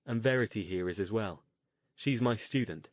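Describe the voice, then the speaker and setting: A man voicing a composed male mage and teacher who speaks in a measured, formal way. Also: fairly low pitch, no echo, natural voice. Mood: persuasive.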